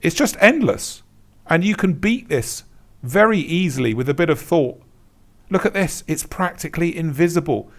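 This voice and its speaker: A man's voice: on the high side, lively intonation, normal speed. A man working as a shop consultant, talking through a screen-share tutorial in a blunt, emphatic way, repeating words and laughing at bad examples. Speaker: Etsy consultant.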